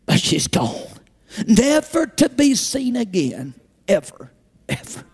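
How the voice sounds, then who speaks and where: High-voiced impassioned male preacher. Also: wildly swooping pitch, slow pace, husky. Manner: impassioned, with sudden shouts and dramatic swings. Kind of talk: sermon. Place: church.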